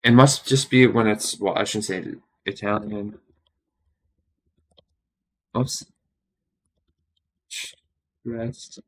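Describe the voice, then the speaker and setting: A tired man studying on a stream, thinking aloud in a halting, muttering way and sounding out practice words. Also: on the low side, a bit bright. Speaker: language learner streaming study.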